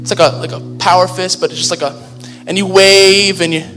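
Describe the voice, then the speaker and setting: A man's voice: sits high, level tone, brisk, pushed and bright. A man, a pastor, preaching a sermon in a conversational, humorous way in a large church hall. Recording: long hall reverb with faint music.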